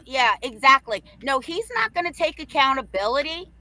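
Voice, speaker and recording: A middle-aged woman co-hosting a live talk show, telling stories in a brash, profane, animated way and acting out the quotes. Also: sits high, a little fast, hardly any pauses. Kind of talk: casual storytelling chat.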